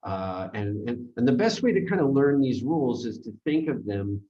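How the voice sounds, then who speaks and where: A man teaching a grammar seminar, explaining with halting, rambling sentences full of restarts and fillers. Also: mid-range voice, very animated, lo-fi sound. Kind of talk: recorded grammar seminar lecture.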